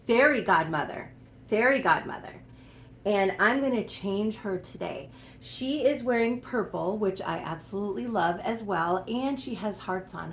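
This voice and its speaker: A woman's voice: medium pitch, darkish tone. A young woman chatting casually to camera about her doll collection in a room at home, giggly and doting, often talking sweetly to her dolls. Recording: echoey room with faint background noise.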